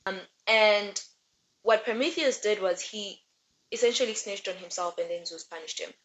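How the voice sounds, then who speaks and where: A young woman giving a casual book recap and rant, chatty and rambling with animated asides. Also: medium pitch, normal speed, highs cut off. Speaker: book reviewer.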